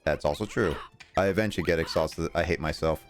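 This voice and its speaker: A man's voice: extremely low pitch, a little fast, soft background music. A young man chatting casually while streaming a game, rambling, reading viewer messages aloud and laughing often. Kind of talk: casual live-stream chat while gaming.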